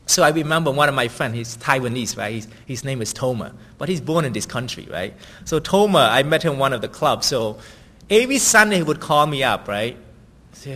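Conversational preacher in a reverberant hall. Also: male voice, fairly high pitch, a bit bright. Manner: conversational, keeps asking "right?". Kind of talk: sermon.

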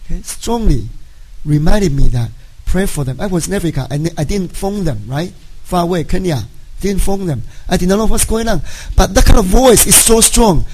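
A middle-aged man with a gravelly, mellow voice tells a personal testimony to his church. He is a native Chinese speaker and talks in a halting way, often pausing and checking with his listeners. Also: on the high side, poor audio. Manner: halting, frequent "right?" tag questions. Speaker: church member giving a testimony.

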